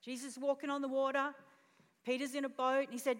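A woman pastor preaching in a high, bright voice, telling the story with animation and asking the congregation questions. Her words carry through the long reverb of a church auditorium. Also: level tone, brisk. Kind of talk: sermon.

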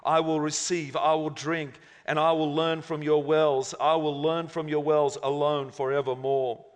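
Preacher doing a stubborn worn-out digger guy, higher voice, echoey hall. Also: flat delivery, a little slow, lightly acted. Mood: pleading. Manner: defiant then pleading. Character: stubborn desperate male well-digger. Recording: long hall reverb.

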